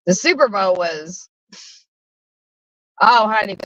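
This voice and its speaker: A woman hosting a casual livestream chat from a car, talking loudly with lots of profanity and frequent laughter. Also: mid-range voice, lively intonation, takes it slowly, no echo, lo-fi sound. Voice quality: loud, profane, laughing often. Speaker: livestream host.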